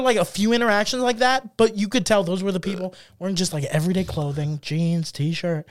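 Young guy with a high voice telling animated stories on a podcast, acts out the people he quotes, dry close sound. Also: fast, no echo. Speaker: podcast co-host. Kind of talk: casual chat.

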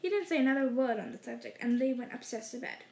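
A woman reading a story aloud in a measured way, slowing down for dramatic phrases. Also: on the high side, expressive, gravelly, a little mellow, a little hiss or hum. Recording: roomy echo.

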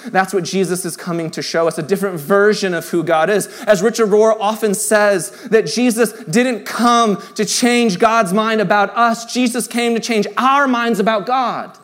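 A man preaching an Easter sermon in a church in a conversational style, dropping to soft, hushed tones for tender lines. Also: high voice, normal speed, hardly any pauses. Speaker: pastor.

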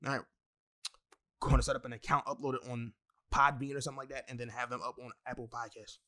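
A young man hosting a solo podcast, talking in a profane, excitable, rambling way with many restarts. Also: medium pitch, fast. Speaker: podcast host. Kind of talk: solo wrestling podcast rant.

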